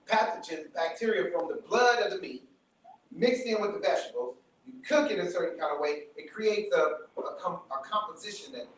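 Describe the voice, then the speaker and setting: High-voiced man lecturing in an echoey hall. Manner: emphatic, repeats points, checks in with the crowd. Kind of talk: live lecture to a room audience. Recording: very echoey room, mic from far off.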